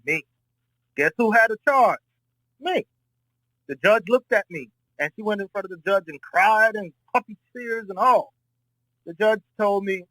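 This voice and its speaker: A man's voice: high voice, lively intonation, moderate pace, a bit bright, no echo, rough recording. A man from Florida calling into a debate and telling a long, profane personal story in a rambling way. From Florida, United States. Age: adult, married. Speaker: debate caller. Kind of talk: casual spoken debate.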